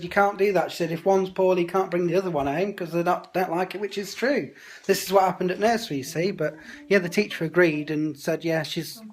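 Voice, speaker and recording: A man, chatting casually into his phone about his day at home, grumbling with indignant asides. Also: sits high. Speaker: vlogger. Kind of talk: casual vlog chat. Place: family home. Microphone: phone held at arm's length.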